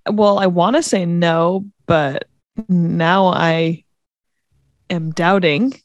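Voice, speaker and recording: A woman's voice: fairly low pitch, steady tone, drawn-out words, no room sound, lo-fi sound. A woman co-hosting a podcast, chatting casually in a thoughtful, hesitant way. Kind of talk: casual chat.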